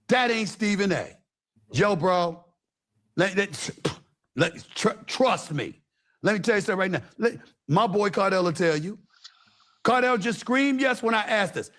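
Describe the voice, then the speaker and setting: A man with a high voice talks on a panel show. His pitch swings widely as he leans hard on his points, repeating words for emphasis. His delivery is casual and forceful. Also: a little slow. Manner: emphatic, animated, repeats himself for effect.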